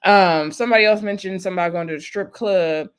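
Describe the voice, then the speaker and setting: A woman's voice: medium pitch, fast talker, clean tone. A chatty woman, casually recapping a reality show episode. She laughs often and acts out the cast members' lines.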